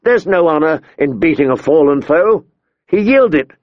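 A man's voice: a little high, lively intonation, unhurried, dry recording, highs cut off, pitched above the performer's own voice. A man narrating a story and voicing an earnest, defiant young swordsman who speaks urgently and firmly.

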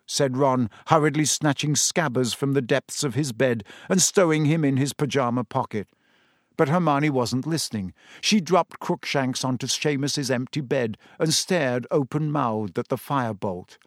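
A man's voice: medium pitch, normal speed, dry recording. Man narrating an audiobook, dry sound.

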